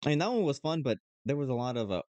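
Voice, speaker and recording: A man streaming, reading a dating sim aloud with playful, animated reactions. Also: mid-range voice, racing, no echo.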